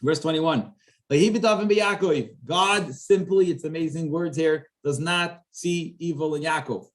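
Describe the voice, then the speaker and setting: A man gives a casual Torah lesson in a somewhat high voice. He talks in an easy, conversational way and gets animated when he acts out the characters' lines from the text. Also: slow pace. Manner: animated, acts out the dialogue of the verses with rising pitch. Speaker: rabbi teaching a Torah class.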